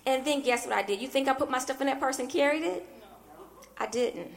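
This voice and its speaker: A woman's voice: high voice, brisk, creaky. A woman minister preaching a sermon as a personal story, talking animatedly and often breaking in with "I mean" asides. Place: church.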